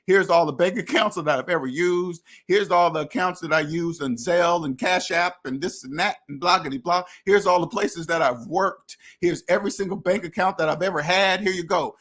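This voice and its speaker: A man's voice: high-pitched, normal speed, few pauses, a bit bright. A man hosting a finance talk, lecturing bluntly and acting out imagined conversations, now and then swearing. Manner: blunt, preachy, acts out imagined dialogues; profane. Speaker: finance podcast host. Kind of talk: casual monologue.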